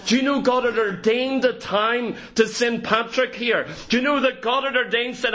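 A man with a Northern Irish accent preaches with fervent emphasis. His voice sits high for a man. He drives his points home with rhetorical questions, building each one. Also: fairly bright tone. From Northern Ireland. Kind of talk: sermon.

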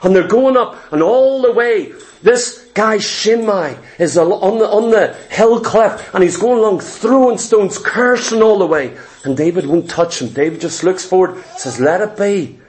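A man preaching a sermon, retelling scripture with passion and dropping low and intense for emphasis. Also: expressive, moderate pace, few pauses, darkish tone. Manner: impassioned, dramatic storytelling, drops low and intense for emphasis.

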